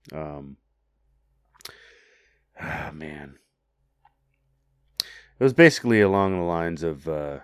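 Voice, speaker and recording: Very deep-voiced man, rambling. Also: no room sound, studio quality. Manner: rambling, hesitant, many ums, swears casually. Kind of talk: casual chat.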